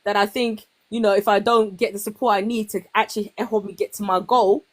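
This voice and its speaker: A young woman in casual conversation, telling her own stories in an animated way and acting out what other people said. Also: medium pitch, a little fast. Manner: animated storytelling, acts out quoted voices. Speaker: guest. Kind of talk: casual chat.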